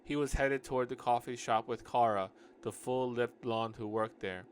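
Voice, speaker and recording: A man's voice: mid-range voice, steady tone, moderate pace, slight background noise. A man reading his own novel aloud in a loose, joking way, often stopping to mock and argue with his own writing. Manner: loose, joking, self-correcting. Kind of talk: casual reading with running asides.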